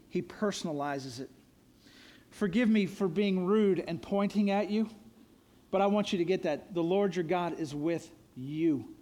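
High-voiced pastor preaching earnestly. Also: male voice, a little slow, a little mellow. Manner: earnest, emphatic preaching with repeated refrains. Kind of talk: sermon.

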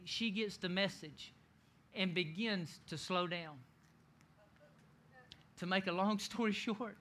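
A middle-aged male pastor telling a funny story in a sermon, laughing often and shouting the lines he quotes. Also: high-pitched.

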